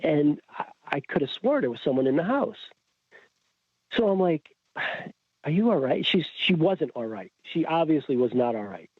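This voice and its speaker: Animated storyteller on a tinny line. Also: male voice, a little high, normal speed, breathy edge, no room sound. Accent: Connecticut. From Connecticut. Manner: animated, acts out quoted voices, frequent restarts. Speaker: podcast guest. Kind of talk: storytelling in a casual chat. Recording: tinny phone-like audio, dry.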